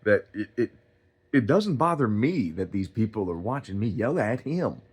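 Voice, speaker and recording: A man's voice: lowish voice, very animated, normal speed, husky. A man telling a rambling story in a casual, profane rant. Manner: profane, rambling storytelling, loud when reenacting quotes. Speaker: streamer.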